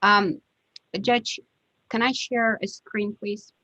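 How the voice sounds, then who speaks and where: A woman attorney questioning a witness in a court hearing over a video call, measured and often pausing with fillers. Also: mid-range voice, steady tone, pushed and bright, no room sound. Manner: measured, hesitant with frequent fillers. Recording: dull dry video-call audio.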